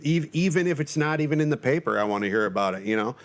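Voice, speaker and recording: A man in his forties hosting his own podcast alone, talking loosely with lots of fillers and breaking into shrill panicky shouts for comic effect. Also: lively intonation, fast. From Northern Michigan, US. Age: 40s. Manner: loose and self-mocking, lots of fillers and restarts. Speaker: podcast host. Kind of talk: rambling solo podcast monologue.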